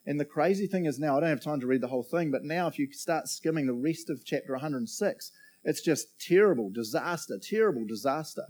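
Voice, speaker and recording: A man's voice: a little high, animated, brisk, a little mellow. A middle-aged man preaching a sermon in a chatty, joking way, often laughing and asking the room questions. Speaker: pastor. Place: church auditorium.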